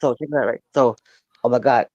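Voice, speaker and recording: A man's voice: mid-range voice, steady tone, fairly quick, darkish tone, dry recording, dull audio. A man calling in, telling a story casually in a rambling way, full of fillers and stammered repeats. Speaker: caller.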